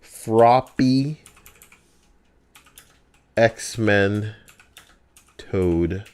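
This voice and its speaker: Young guy streamer, lowish voice, swears a lot, teasing and arguing. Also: extremely slow, darkish tone, smooth. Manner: profane, teasing, argumentative. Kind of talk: casual live-stream chat.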